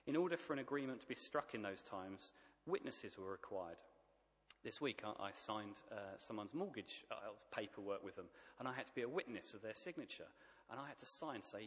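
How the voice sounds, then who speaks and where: A man's voice: medium pitch, fairly bright tone, big-room sound. A man preaching a sermon, emphatic and plain-spoken, stacking up repeated phrases.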